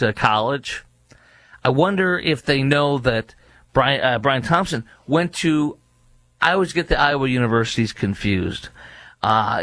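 Male commentator, mid-pitched, indignant and mocking, dry close sound. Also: a bit bright, no room sound. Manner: indignant, mocking, repetitive rhetorical questions; frequent fillers and restarts. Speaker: political commentator. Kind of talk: casual opinion commentary.

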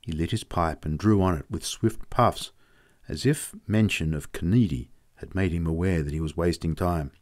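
A man reads a story aloud in a steady, measured audiobook narration. His voice sits on the lower side, calm and unhurried in its telling.

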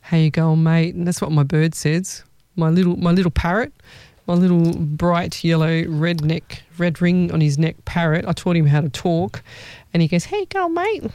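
Chatty psychic with a mellow voice. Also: mid-range voice, flat delivery, normal speed, smooth, no echo. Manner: chatty, rambling, restarts sentences. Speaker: psychic medium host. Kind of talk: live online psychic reading.

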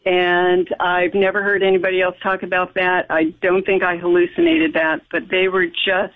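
A woman's voice: on the low side, level tone, moderate pace. Woman, American, guest telling a story, emphatic, rambling, tinny phone audio. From United States. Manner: rambling, emphatic, with frequent restarts and laughs. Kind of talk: recounting a personal story in conversation.

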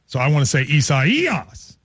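A man hosting casual morning radio banter, chatty and teasing, with halting restarts. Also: fairly high pitch, sing-song, slightly rough, no echo. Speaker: radio show host.

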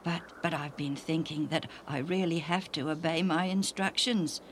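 A woman's voice: deep voice, fairly even intonation, slight background noise, close to an everyday voice. Woman doing a kindly, earnest older man. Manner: slow, earnest, gently chuckling. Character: kindly, cheerful man, healed and grateful. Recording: music playing underneath.

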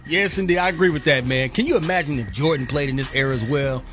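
A man co-hosting morning radio, upbeat and hyped, agreeing loudly in casual banter. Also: on the high side, quick pace, few pauses, music in the background. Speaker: radio co-host.

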